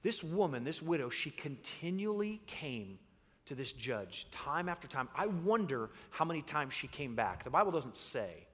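Pastor, man, bright and high-pitched, animated storyteller, reverberant sanctuary. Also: moderate pace. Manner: animated storyteller, acts out voices. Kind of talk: sermon. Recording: long reverb in a large hall.

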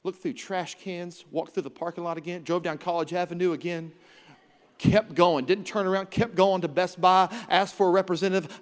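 A man's voice: high-pitched, steady tone, normal speed. A man preaching a sermon as pastor, telling a self-mocking story and acting out his own quoted lines. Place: church sanctuary. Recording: long hall reverb in church.

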